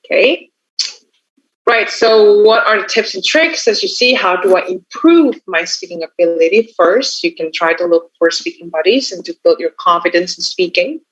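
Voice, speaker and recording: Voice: mid-range voice, animated, moderate pace, a bit bright, husky. A tutor with an Indonesian accent giving casual exam tips, often tacking on "yeah" and "you know". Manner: chatty, tacks on frequent "yeah" and "you know". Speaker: English test tutor. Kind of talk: casual teaching talk. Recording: dull lo-fi recording.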